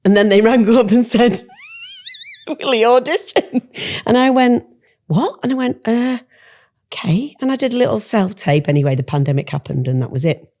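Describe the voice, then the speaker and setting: Host: middle-aged woman, low mellow voice, lively intonation, chatty with easy laughter. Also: fairly quick. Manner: chatty, warm laughter, storytelling. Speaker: podcast host. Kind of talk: casual chat.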